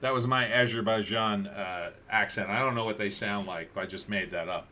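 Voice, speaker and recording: A man's voice: lowish voice, moderate pace, bright, forceful tone, a little hiss or hum. A man hosting a casual livestream, commenting on news with sarcasm and rambling restarts. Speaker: livestream host.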